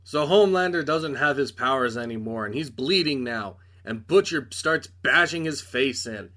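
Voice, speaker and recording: A man's voice: mid-range voice, expressive, normal speed, sharp tone. A young man recapping a TV episode in a casual review, full of sarcastic, exasperated asides.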